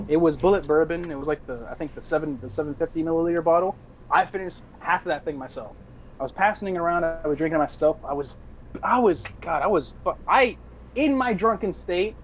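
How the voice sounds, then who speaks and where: High-voiced young man rambling a story. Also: highs cut off, slight background noise. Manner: rambling, laughing storyteller with profanity and restarts. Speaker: podcast co-host. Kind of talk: casual storytelling.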